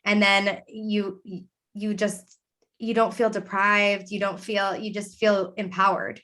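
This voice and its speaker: A woman hosting an interview, upbeat and affirming, talking in quick casual asides. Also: mid-range voice, level tone, fairly bright tone. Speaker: podcast host. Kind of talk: conversational interview.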